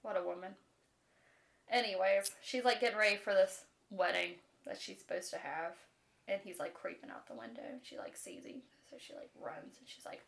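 A young woman co-hosting a podcast, chatting casually and animatedly about a book, swearing freely and mimicking the characters in quick asides. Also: medium pitch, lively intonation, creaky. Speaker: podcast co-host.

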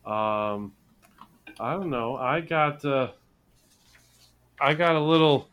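Bright-voiced man in casual chat. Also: medium pitch, slow pace, clean tone. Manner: rambling, restarts and trails off. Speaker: podcast co-host.

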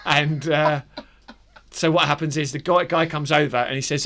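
Norfolk guy in his 30s rambling thru a story with mates, lots of restarts, bright pushy voice. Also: on the high side, steady tone, a little fast. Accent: Norfolk English. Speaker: podcast co-host telling a story. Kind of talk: casual banter.

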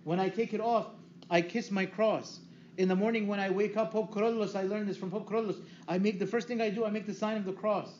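A priest delivers a teaching sermon in a high, bright voice. He keeps the talk lively and puts questions to the listeners before answering them himself. The recording is dull and roomy, with a faint hiss behind it. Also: fast. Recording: echoey room, dull lo-fi sound, faint hiss.

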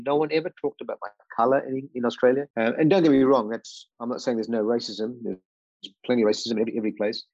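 A man's voice: medium pitch, fairly even intonation, quick pace, a little mellow, dry recording, lo-fi sound. A man in his sixties who grew up in England, a podcast guest earnestly recounting his childhood with many fillers and restarts. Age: 60s. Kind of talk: reflective personal storytelling.

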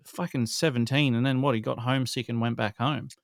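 A man's voice: medium pitch, fairly even intonation, a little fast, creaky, no room sound, clean studio sound. A man co-hosting a casual sports podcast, ranting bluntly with heavy swearing. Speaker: podcast co-host.

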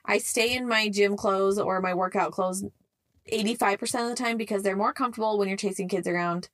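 Frank young mom co-host, dry sound. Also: female voice, medium pitch, steady tone, a little fast, fairly bright tone, no room sound. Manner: frank, conversational, uses many fillers like "like". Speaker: podcast co-host. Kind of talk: casual chat.

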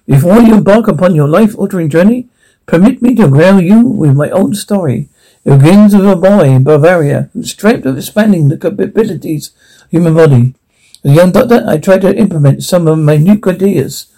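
A man's voice: high voice, animated, brisk, warm tone, low-quality recording. An actor playing a pompous male doctor who narrates a promotional film in a grandiose, self-important manner. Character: pompous male doctor boasting of his legacy. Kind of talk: scripted narration.

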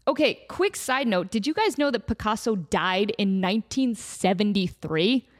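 A woman's voice: mid-range voice, moderate pace, faint music behind. A woman hosting a comedy podcast, rambling through a silly made-up story, laughing often and acting out bits. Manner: animated, laughs often, acts out silly voices.

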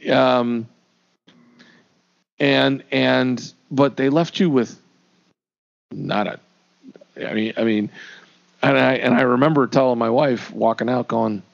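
A man with a gravelly edge chats about a movie as a podcast co-host. He jokes around and trips over his words, often restarting. The audio is dull and lo-fi. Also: medium pitch, slow pace, pauses often. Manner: jokey, stumbling restarts. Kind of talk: casual movie review chat.

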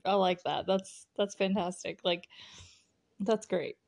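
A woman's voice: mid-range voice, sing-song, measured pace, creaky, a little mellow. A young woman hosting a podcast, casually recapping a horror movie in a chatty way, full of "like" and little laughs. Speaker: podcast host.

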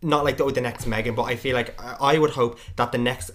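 A man in casual podcast chat, voice of middling pitch. He is opinionated and chatty, and his sentences are strewn with fillers. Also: fairly even intonation, a little fast, fairly bright tone, a little hiss or hum. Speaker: podcast co-host.

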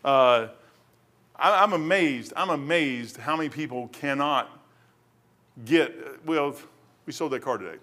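A man's voice: medium pitch, unhurried, pauses often, bright, forceful tone. A middle-aged man preaching a casual sermon, folksy and rambling, drifting off into stories before coming back to scripture. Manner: folksy, rambling, wanders off topic into anecdotes.

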